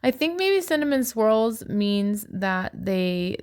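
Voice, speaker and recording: A woman's voice: a little high, very animated, slow pace, clean tone. A middle-aged woman narrating her own shopping video in a casual voice-over, gushing and admiring. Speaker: yarn shopping vlogger.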